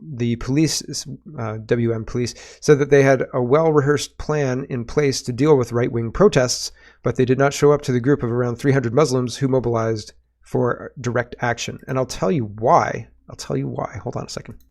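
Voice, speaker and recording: A man's voice: medium pitch, steady tone, moderate pace, darkish tone. A man hosting a political commentary podcast, reading posts aloud and reacting with sardonic, emphatic asides and rhetorical questions. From Canada.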